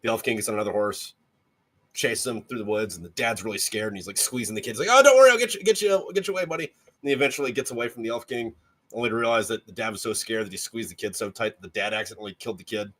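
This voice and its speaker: A man guesting on a casual podcast, retelling grim fairy tales in an animated, profane way and doing voices for the characters. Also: fairly low pitch, fast, husky. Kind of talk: casual chat.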